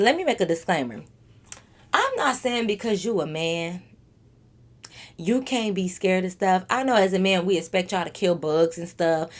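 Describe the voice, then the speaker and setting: A woman vlogger telling a storytime monologue straight to her viewers, animated and freely cursing. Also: lowish voice.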